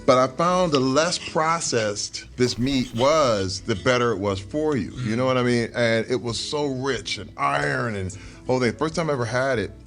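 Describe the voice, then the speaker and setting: Middle-aged man in a relaxed interview, storytelling with animated retellings, mid-range voice, faint music in the background. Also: mid-range voice, normal speed. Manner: animated storyteller who acts out quoted people. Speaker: guest.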